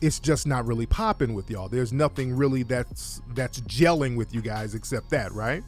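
A man's voice: mid-range voice, normal speed, faint music behind. A man hosting a casual advice chat, brash and joking, often laughing as he talks. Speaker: advice show host.

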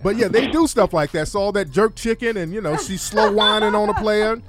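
A man's voice: high voice, fairly quick. Brash joking man hosting a chat. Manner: brash, joking, laughs often. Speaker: advice show host. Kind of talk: casual chat.

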